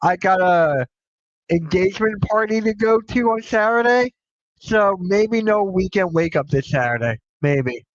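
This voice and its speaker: A young man hosting a casual live sports chat show, swearing freely and reacting loudly to news. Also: high-pitched, lively intonation, unhurried, no room sound, highs cut off.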